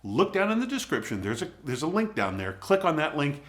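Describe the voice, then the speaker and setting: A man's voice: on the high side, sing-song, a little fast, a bit bright. A man hosting his own channel, giving casual, encouraging advice straight to the camera in a conversational way. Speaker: video coaching host.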